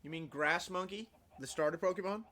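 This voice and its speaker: A woman streaming a video game, chatting casually, animated and exasperated, sometimes shouting at her teammates. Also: on the low side, a little fast. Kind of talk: casual gaming chat.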